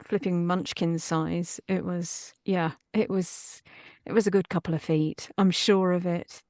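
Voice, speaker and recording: Actress guest, animated, chatty storyteller, clean close sound with no room. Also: female voice, fairly low pitch, unhurried, no room sound. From East Midlands, England. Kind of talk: casual interview chat.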